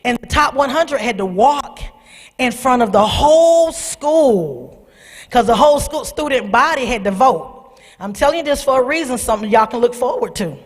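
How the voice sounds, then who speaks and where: A middle-aged woman with a drawl tells her own story to a church youth crowd, her high voice leaping up and down as she calls out to them. Her tone is husky, and her words ring out through a large sanctuary with a long reverb. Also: normal speed. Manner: animated storytelling, calls out to the audience. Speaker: speaker at a church youth service. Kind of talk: personal testimony to young people.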